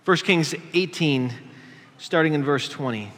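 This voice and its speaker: A man's voice: on the high side, measured pace, a bit bright. A man preaching a sermon as pastor, earnest and emphatic as he reads and comments on scripture. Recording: long reverb of a large room.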